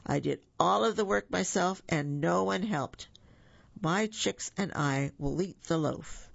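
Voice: medium pitch, unhurried, vocal fry. Reader voicing a firm little red hen. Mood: indignant. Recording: muffled lo-fi recording.

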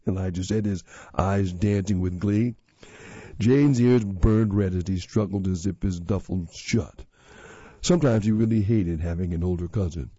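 A man narrating a children's story in a steady, expressive reading voice. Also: low-pitched, normal speed, husky, no room sound. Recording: slightly dull lo-fi audio.

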